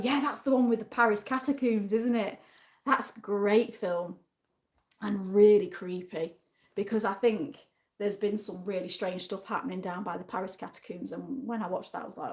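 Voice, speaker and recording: Chatty North London woman streaming live. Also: a little high. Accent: North London English. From England. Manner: chatty and upbeat, reacting to chat, with asides and laughs. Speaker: livestream host. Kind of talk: casual livestream chat reading viewer comments.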